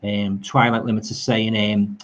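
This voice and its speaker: This middle-aged man with a Liverpool accent streams horror from home, chattering with enthusiasm about old films and reading out viewer comments in homely, rambling language. He speaks unhurriedly in a lowish, level voice that's a bit bright.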